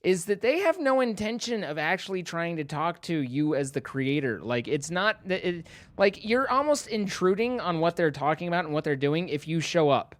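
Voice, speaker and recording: A man's voice: a little high, very animated, moderate pace. A man co-hosting a stream, rambling in casual chat with many fillers and restarts. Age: middle-aged. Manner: rambling, self-interrupting, lots of fillers. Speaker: streamer co-host.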